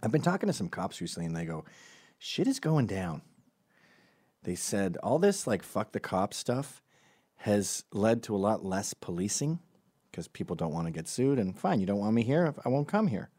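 Lively low-voiced sardonic man ranting. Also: a little fast, no room sound, studio quality. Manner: sardonic, profane, mocks others in put-on voices. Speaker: commentary show host. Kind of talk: comedic opinion monologue.

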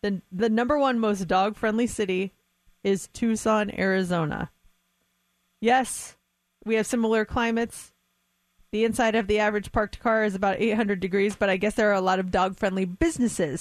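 A woman co-hosting a radio show, telling stories and reading news items in a chatty, lively way. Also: medium pitch, moderate pace, no room sound. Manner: chatty storyteller, animated. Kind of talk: casual radio chat and news segment. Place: radio studio. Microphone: studio mic.

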